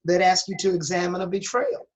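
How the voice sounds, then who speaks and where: A woman's voice: on the low side, fairly quick. A middle-aged woman pastor tells her own story in an interview, candid and earnest, with a preacher's emphasis. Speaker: pastor and guest. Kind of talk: personal testimony in an interview. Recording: dull lo-fi recording.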